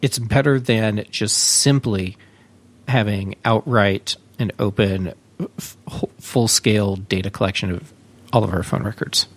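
A man hosting a tech podcast, talking in a relaxed, chatty way with frequent fillers. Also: fairly low pitch, a little slow. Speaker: podcast host. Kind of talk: casual tech podcast talk.

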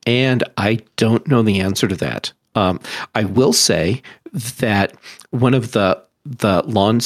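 Low-voiced man co-hosting a podcast. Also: no echo, clean studio sound. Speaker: podcast co-host. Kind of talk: casual podcast chat.

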